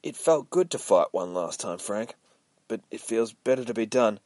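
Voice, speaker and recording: A man voicing a tired, gentle old farmer, speaking quietly and low. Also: animated, moderate pace, dry recording, lightly acted. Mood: weary. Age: older.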